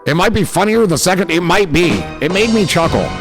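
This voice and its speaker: A livestream host with a high, animated voice talks a little fast, casually reading viewer comments aloud and riffing on them with profane jokes. Music plays in the background.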